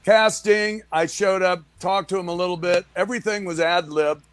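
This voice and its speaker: A man, a guest musician, telling lively anecdotes in a casual chat. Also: sits high, moderate pace, no room sound, soft background music. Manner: animated anecdote-teller, lively asides.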